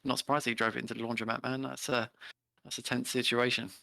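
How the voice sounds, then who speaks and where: A man co-hosting a casual podcast chat, reasoning things through in a measured way. His voice is bright and sits at a middle pitch. The recording is dry and close. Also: little pitch movement, vocal fry, dry recording. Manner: measured, thinks aloud. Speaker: podcast co-host.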